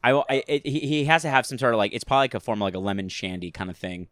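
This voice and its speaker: A man's voice: medium pitch, rapid-fire, fairly bright tone, no room sound, studio quality. A man with an East Coast accent, chatting casually as a podcast co-host and telling rambling, profane, jokey stories. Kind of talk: casual chat.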